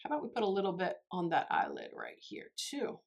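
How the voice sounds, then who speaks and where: A woman's voice: on the low side, huge pitch swings, a little fast, vocal fry. A woman chatting her way through a makeup tutorial, gushing and talking straight to her viewers. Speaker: beauty vlogger. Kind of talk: casual makeup tutorial chat.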